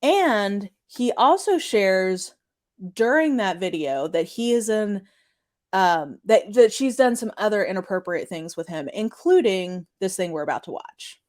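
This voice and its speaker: A woman co-hosting a podcast, recounting a story in a quick, chatty way with lots of filler words. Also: mid-range voice, expressive, darkish tone. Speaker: podcast co-host. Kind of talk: casual storytelling chat.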